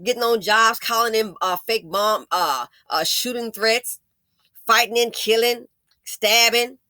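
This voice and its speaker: Her voice fairly high, bright and forceful, a woman hosting a commentary channel delivers a blunt, profane, scolding rant at a measured pace. The sound is clean studio audio with no room sound.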